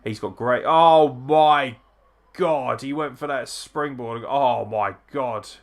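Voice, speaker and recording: A man hosting a live wrestling watchalong, chatting casually, swearing and reacting excitedly to the action. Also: mid-range voice, measured pace, vocal fry.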